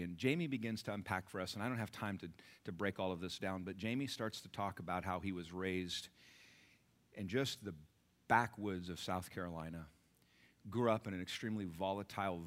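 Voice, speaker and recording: A man preaching a sermon, retelling a convert's story and then building to loud, animated peaks. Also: sits low. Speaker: pastor.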